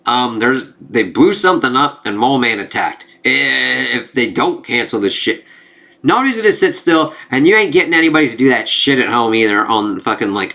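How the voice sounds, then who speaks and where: A man giving a casual spoken comic book review, animated and laughing often, swearing freely. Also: mid-range voice, normal speed.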